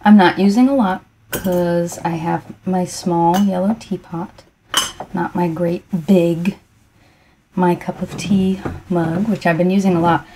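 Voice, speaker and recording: A woman in a soft-spoken ASMR tea ramble at home, talking in an unhurried, rambling way with a froggy morning voice. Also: lowish voice, fairly even intonation, slight background noise, poor audio. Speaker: ASMR creator.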